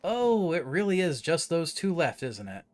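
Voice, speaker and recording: A man's voice: fairly high pitch, sing-song, normal speed, a little mellow, soft background music. A man streaming a horror game, chatting casually and joking about his own voices. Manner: chatty, self-mocking, reads on-screen text aloud. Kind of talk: casual gameplay commentary.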